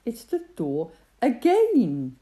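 A woman voicing a kindly, patient man who shelters animals in a storybook reading, in a gentle, good-humoured way. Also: a little high, wildly swooping pitch, takes it slowly, voice pushed up, exaggerated voice.

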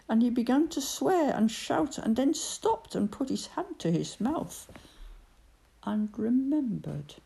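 A woman reading a storybook aloud with expressive, gentle storytelling. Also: on the low side.

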